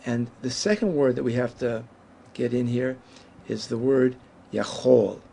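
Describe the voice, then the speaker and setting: A man teaching a Hebrew lesson at a whiteboard, explaining patiently and saying each Hebrew word slowly and carefully. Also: mid-range voice, steady tone, gravelly, mellow, breathy edge.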